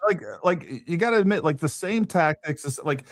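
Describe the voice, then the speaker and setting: A man's voice: on the high side, lively intonation, normal speed, no room sound, clean studio sound. A man appearing as a guest on a live stream, talking casually and bluntly and reading viewer comments aloud.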